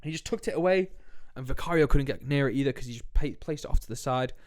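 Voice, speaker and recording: Lively young man talking football. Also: mid-range voice. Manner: animated, quick, acts out quotes. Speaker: podcast co-host. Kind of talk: casual football chat.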